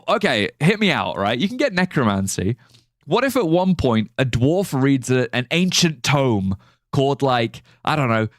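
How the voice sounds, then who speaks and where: A man's voice: mid-range voice, no room sound, clean studio sound. A young man streaming a game live, chatting loosely, swearing casually and laughing at his own ideas. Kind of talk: live gameplay commentary.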